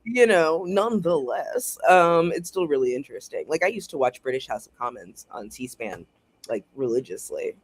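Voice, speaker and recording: An American author chatting casually as a guest over a video call, animated and rambling, laughing often. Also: mid-range voice, normal speed, no room sound. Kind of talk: casual chat.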